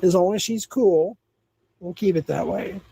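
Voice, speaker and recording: A man's voice: sits high, measured pace, creaky, dark tone, a little hiss or hum, low-quality recording. A man in his forties hosting a livestream, answering viewers in a blunt, repetitive, scolding way. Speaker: livestream host. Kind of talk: livestream chat, reacting to viewers.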